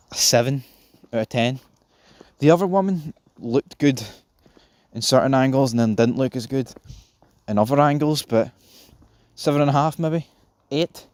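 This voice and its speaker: A man's voice: lowish voice, a little mellow, dry recording. A young man giving a casual, rambling film review, swearing and talking offhand. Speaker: movie reviewer.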